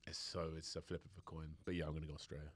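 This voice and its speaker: A man's voice: very deep voice, level tone, very fast, breathy edge. A man co-hosting a casual rugby podcast, bantering about match picks and often trailing off mid-thought. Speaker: podcast co-host. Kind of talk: casual chat.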